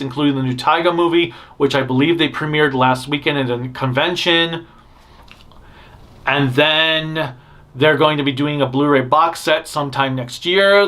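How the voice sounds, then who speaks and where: Hosting a fan news show, a man rambles through casual commentary full of blunt opinions, repeatedly restarting and interrupting himself. His voice runs on the high side with a fairly bright tone.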